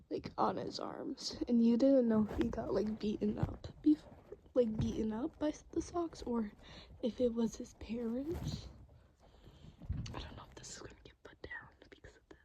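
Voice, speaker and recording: Slow-whispering woman in a rambling role-play. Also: a little high, background noise. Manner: rambling, hesitant, full of fillers; soft, mostly unvoiced whisper. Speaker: voice actor narrating a listener role-play.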